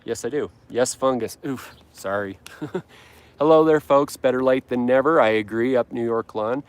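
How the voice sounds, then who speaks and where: A man's voice: mid-range voice, moderate pace, clean tone, no echo. A man from Utah hosting a casual lawn care livestream, rambling and correcting himself as he reads viewer comments with a joking tone. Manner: rambling, self-correcting, jokey.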